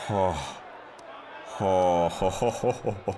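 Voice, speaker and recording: A man's voice: low-pitched, a little slow, pauses often, noisy background. A young man commenting on a wrestling game, reading promos aloud with mocking trash talk. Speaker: gaming YouTuber. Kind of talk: let's play commentary.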